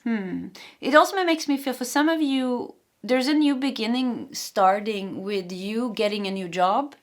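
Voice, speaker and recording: This tarot reader, a young adult woman with a Swedish accent and a voice on the high side, rushes energetically through a pick-a-card reading. She repeats her phrases often.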